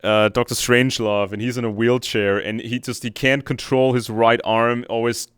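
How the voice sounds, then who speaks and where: A man's voice: mid-range voice, little pitch movement, moderate pace, a bit bright, smooth, no echo, studio quality. A man talking earnestly in a video call conversation, often searching for his words mid-sentence.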